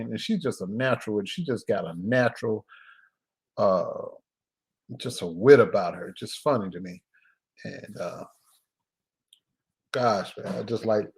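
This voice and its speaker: A man hosting a casual live stream as a filmmaker, talking in a loose, joking way with laughs and drawn-out pauses. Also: mid-range voice, breathy edge.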